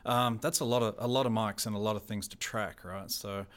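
A man with a somewhat low voice talks about his theatre work in a relaxed interview. He pauses often, fills gaps with "um", and restarts his sentences as he goes. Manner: halting, with many fillers and restarts. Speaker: theatre technical director and carpenter. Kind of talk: casual interview.

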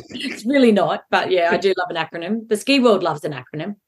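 A woman's voice: fairly low pitch, brisk, slightly rough. A woman co-hosting a podcast in casual chat, telling stories animatedly and laughing often. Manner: giggly, animated storytelling with frequent laughter. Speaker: podcast co-host.

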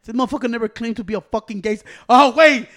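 A man chatting casually on a podcast, telling animated stories with loud acted-out quotes and lots of laughter. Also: very high voice, racing. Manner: animated storytelling, acts out quotes loudly; swears a lot, laughs often. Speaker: podcast co-host. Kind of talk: casual chat.

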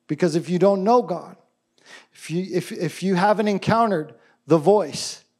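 A man preaching a sermon in a casual, enthusiastic way, with quick asides and restarts. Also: high-pitched, a little mellow. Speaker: pastor.

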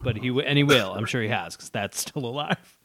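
A man's voice: medium pitch, a little fast, a bit bright, a little hiss or hum. A man co-hosting a casual podcast, reading a plot summary aloud with joking asides and frequent laughter. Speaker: podcast co-host.

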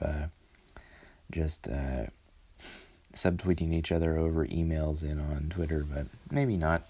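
A man with a very low, mellow voice hosts a show. He rambles casually from topic to topic, full of pauses and fillers. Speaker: podcast host. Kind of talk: casual commentary.

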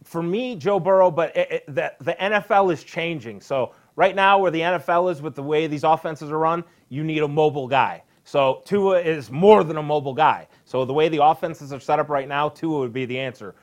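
A man's voice: fairly high pitch, a little fast, few pauses. A man co-hosting a sports betting podcast, agreeable and prone to stammering on repeated words. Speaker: podcast co-host. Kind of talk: casual sports betting talk.

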